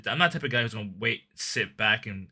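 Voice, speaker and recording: A man's voice: lowish voice, expressive, fast talker, bright, forceful tone, slightly rough. A man chatting as a guest on a livestream, talking defensively and hesitantly, often repeating his words. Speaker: stream guest. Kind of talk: casual chat.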